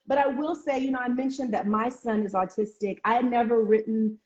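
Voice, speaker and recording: This woman author talks a little fast in a relaxed interview, her speech full of ums and false starts. She likes to mimic how others reacted, using a high, excited voice, and the call audio is echoey, dull and lo-fi.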